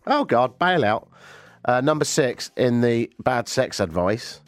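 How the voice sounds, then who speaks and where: A man's voice: mid-range voice, big pitch swings, measured pace. A man hosting a talk radio show, with a stuffy nose from a cold. He tells stories with sarcasm and animation. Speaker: radio host. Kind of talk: casual talk radio banter.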